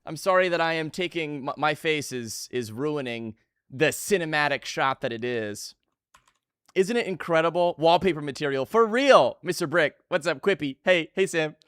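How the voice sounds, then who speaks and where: A man in his twenties chatting casually with his live stream viewers, energetic and jokey, greeting chat by name. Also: on the high side, normal speed, clear, resonant tone, no echo, studio quality.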